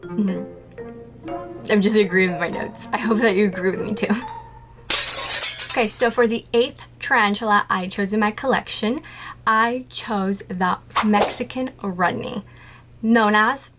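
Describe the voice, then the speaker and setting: A woman chats to camera with a playful, self-amused lightness, setting up questions and answering them herself. Her pitch sits in the middle of the range, and music plays clearly behind her. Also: a little slow, pauses often. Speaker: content creator. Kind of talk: casual talk to camera. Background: music playing.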